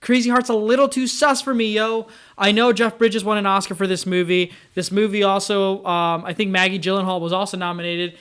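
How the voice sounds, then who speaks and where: Young male vlogger reviewing movies, a high voice with a loose, rambling delivery. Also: flat delivery, brisk, fairly bright tone, clean tone. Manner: rambling, many fillers and restarts. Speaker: film reviewer. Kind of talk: casual movie review vlog.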